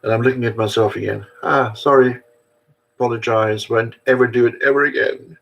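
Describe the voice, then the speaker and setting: A man's voice: medium pitch, fairly even intonation, fairly quick, gravelly, fairly bright tone, muffled recording. An older man talking casually to camera, self-mocking and chatty, drifting from one thought to the next. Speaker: vlogger. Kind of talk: rambling casual monologue.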